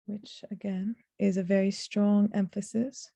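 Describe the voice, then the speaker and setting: Woman, religious teacher, earnest, deliberate emphasis, mellow voice, dry close sound. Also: medium pitch, steady tone, no echo. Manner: earnest, slows to stress key words, recites Arabic verses. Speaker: Quran teacher. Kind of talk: reflective religious lesson.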